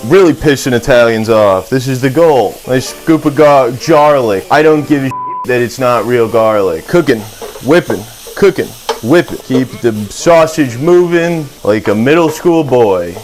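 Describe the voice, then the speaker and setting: A man's voice: medium pitch, animated, unhurried, faint music behind. A young man with a Midwestern accent, hosting a casual cooking vlog in his home kitchen, grumpy and sarcastic and swearing often. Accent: Midwestern American. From Michigan. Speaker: cooking video host.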